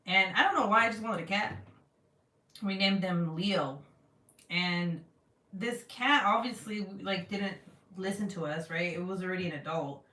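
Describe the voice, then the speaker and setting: A woman's voice: mid-range voice, measured pace, pushed and bright. A woman vlogger in her thirties chatting casually and bluntly, swearing freely as she tells a story. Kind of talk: casual chat to camera. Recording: roomy, from a distance.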